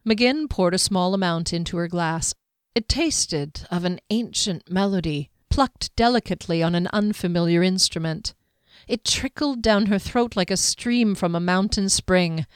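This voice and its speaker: A woman narrates a fantasy novel in a measured, even manner. Her voice sits fairly low. The recording is dry and close, with no room sound. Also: smooth, dry recording. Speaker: audiobook narrator.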